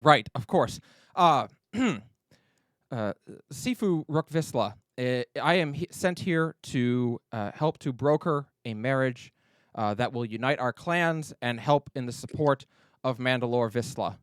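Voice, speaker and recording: A man's voice: medium pitch, expressive, slow pace, fairly bright tone, dry recording, clean studio sound. A man voicing a nervous, overly formal young male clan noble who stammers through apologies.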